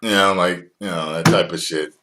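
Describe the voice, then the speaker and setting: A man in his forties from the United States, chatting casually on a livestream as host, profane and quick to laugh. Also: deep voice, steady tone, slight background noise. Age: 40s. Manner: profane, laughs often, swings loud and soft.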